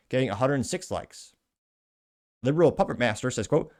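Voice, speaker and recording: A man's voice: mid-range voice, quick pace. A man hosting a podcast, reading out social media posts with sarcastic, rambling asides. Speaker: podcast host.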